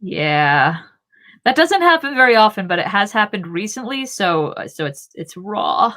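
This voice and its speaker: Wry woman co-host just chatting, average pitch. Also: very animated, normal speed, pushed and bright. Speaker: podcast co-host. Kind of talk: casual chat.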